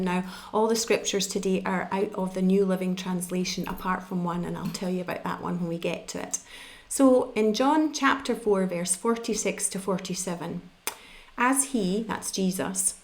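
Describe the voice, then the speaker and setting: A middle-aged woman from the UK preaching a sermon, explaining scripture in a conversational teaching manner. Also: mid-range voice.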